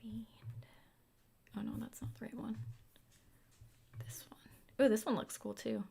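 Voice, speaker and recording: A young woman chatting casually while carving a pumpkin, musing aloud about books and dropping now and then into quiet asides. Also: a little high, sing-song, measured pace, creaky, husky, whispered. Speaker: booktuber.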